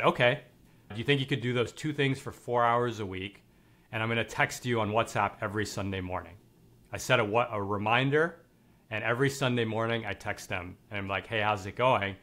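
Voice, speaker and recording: A man's voice: mid-range voice, fairly bright tone. A man hosting a podcast, chatting casually with lots of fillers and bursts of enthusiasm. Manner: enthusiastic, loose, swears casually, many "like" fillers. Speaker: podcast host.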